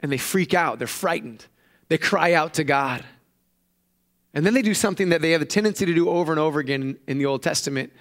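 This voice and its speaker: A male pastor giving a lively sermon, retelling a story and acting out the voices of its people. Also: fast talker. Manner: animated storytelling, acting out quoted voices with raised pitch. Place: church.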